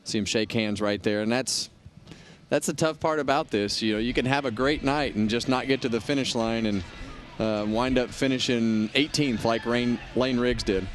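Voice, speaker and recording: A man giving relaxed, conversational color commentary on a truck race. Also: medium pitch, moderate pace, soft background music. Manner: relaxed, conversational, repeats words.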